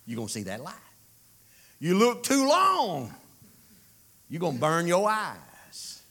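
A man preaching a sermon, swinging from loud declarations to near-whispers with folksy asides. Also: high-pitched, wildly swooping pitch, slow pace, creaky, pauses often.

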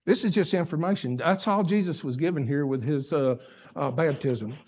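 This older pastor's voice is on the high side and moves at normal speed. He delivers a folksy, emphatic sermon that shifts from loud, stressed phrases to hushed asides.

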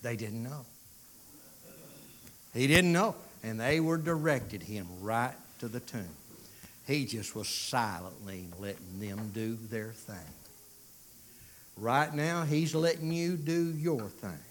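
A male preacher delivers his sermon at an unhurried, measured pace. His voice climbs to loud, pleading swells, then sinks into hushed, drawn-out phrases. The pitch sits in the middle of the range for a man.

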